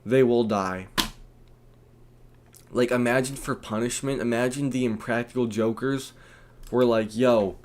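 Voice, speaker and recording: Brief: young man, casual home stream, rambling, animated, slangy storyteller. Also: mid-range voice, a little slow, pauses often. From United States. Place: at home, indoors.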